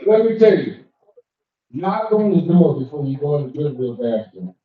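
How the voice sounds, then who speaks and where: A man's voice: a little high, big pitch swings, normal speed. A man doing a stand-up comedy set in a cigar lounge, telling stories and acting out the dialogue. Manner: storytelling with acted-out dialogue. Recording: echoey room from far off, muffled. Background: live audience.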